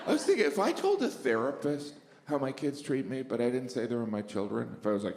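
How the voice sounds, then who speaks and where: A middle-aged man doing deadpan, self-deprecating stand-up. His pitch swings widely and carries a gravelly edge. The sound echoes through a reverberant hall, with a faint ambient hum behind it. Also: quick pace, hardly any pauses. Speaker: stand-up comedian. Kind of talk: stand-up comedy. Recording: echoey hall with distant pickup.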